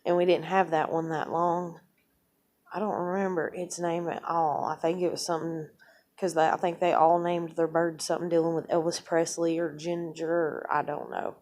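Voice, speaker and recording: A woman's voice: deep voice, little pitch movement, normal speed, darkish tone. A young adult woman telling a long, rambling personal story in a casual way, swearing a lot and acting out what she said to people. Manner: rambling, swears often, tells events through quoted speech.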